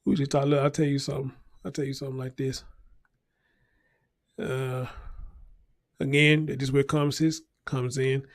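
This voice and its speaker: A man's voice: mid-range voice, flat delivery, moderate pace, pauses often, no echo, studio quality. A man hosting a casual news commentary show, talking bluntly and profanely and repeating his points for emphasis. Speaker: show host.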